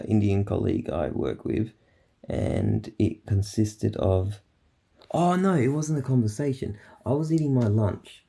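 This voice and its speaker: A man's voice: on the low side, vocal fry, mellow, breathy edge. A man casually telling rambling stories about his workday in a vlog, swearing now and then. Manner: rambling, swears, acts out coworkers' quotes. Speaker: vlogger recounting his workday.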